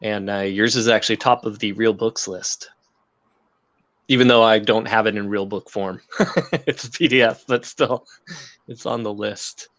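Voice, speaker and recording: A man's voice: lowish voice, steady tone, normal speed, long pauses, fairly bright tone. A man co-hosting a casual chat, a comic creator who tells stories animatedly, laughs often and acts out what others said. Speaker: comic book creator and co-host.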